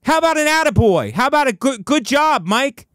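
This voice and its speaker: A man telling a comic story in an animated, mock-indignant manner, acting out the quotes. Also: extremely high pitch, brisk, very noisy.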